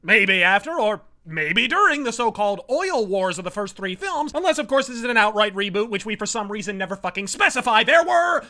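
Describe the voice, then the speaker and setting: High-voiced man ranting sarcastically. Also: expressive, a little fast, hardly any pauses, pushed and bright. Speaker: film reviewer host. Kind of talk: comedic rant film review.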